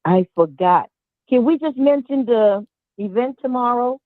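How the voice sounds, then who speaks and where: A woman's voice: fairly high pitch, lively intonation, a little slow, no echo, narrow, tinny audio. A woman on a radio panel playfully apologizing and announcing an upcoming event. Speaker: radio panelist and play director. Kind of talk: casual radio chat and announcement.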